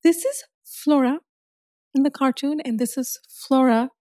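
A young woman with a somewhat high voice chats excitably as a podcast co-host. She talks fast and loose and swears freely. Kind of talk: casual chat.

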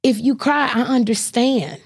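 A middle-aged woman, a talk show host and comedian, chats casually as an interview guest in a slightly high, slightly rough voice. She takes her time, telling colloquial stories peppered with punchy asides.

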